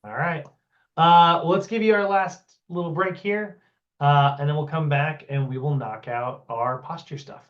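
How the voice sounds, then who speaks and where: A man's voice: on the high side, measured pace. A man teaching a fitness training class in a casual, chatty way, acting out exchanges with a client and filling his talk with "like" and "you know". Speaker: fitness instructor. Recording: dull, lo-fi sound.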